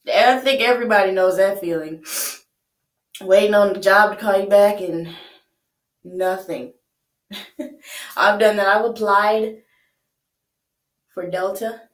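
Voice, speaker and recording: Chatty young woman reacting in an echoey room. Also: medium pitch. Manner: chatty, laughs often, rhetorical questions. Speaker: reaction video host. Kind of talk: casual reaction commentary.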